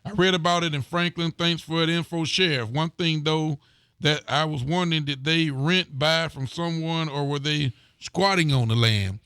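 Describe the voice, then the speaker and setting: Man, local sheriff host, clear voice in a dry studio, folksy viewer shout-outs. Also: a little high, normal speed, no room sound. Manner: relaxed, folksy, greets viewers by name. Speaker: sheriff hosting a local talk show. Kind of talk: casual live-stream chat reading viewer comments.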